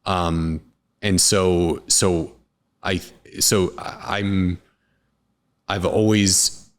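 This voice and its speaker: A man, a restaurant co-founder, talking casually in an interview, relaxed and rambling with many restarts. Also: sits low, extremely slow.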